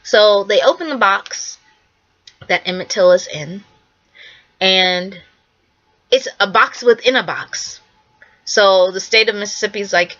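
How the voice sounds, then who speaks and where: Young female presenter, bright tone, earnest and repetitive, muffled lo-fi sound. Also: mid-range voice, unhurried, long pauses. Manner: earnest, repetitive, acts out quotes. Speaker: artist presenting her work. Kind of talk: casual spoken presentation.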